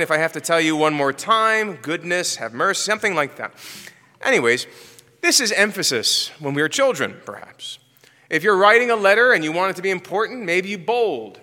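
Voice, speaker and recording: Bright-voiced pastor preaching in a reverberant hall. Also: male voice, high voice. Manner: structured, emphatic preaching with rhetorical questions. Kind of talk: sermon.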